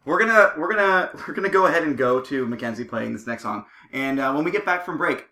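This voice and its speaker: Quick jokey guy hosting a podcast, bright voice, echoey studio. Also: fairly high pitch, lively intonation. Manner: rambling, jokey, restarts a lot. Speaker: podcast host. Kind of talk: comedic podcast banter.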